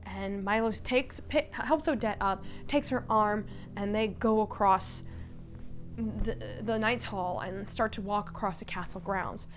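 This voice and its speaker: Animated woman recapping a live game. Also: medium pitch, measured pace, faint music behind. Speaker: vlogger. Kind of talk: casual storytelling recap.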